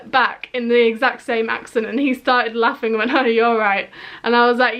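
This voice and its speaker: A woman's voice: on the high side, normal speed, fairly bright tone. A woman in her twenties with a Yorkshire accent, telling a chatty, rambling storytime vlog with lots of fillers. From northern England. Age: 20s. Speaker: vlogger.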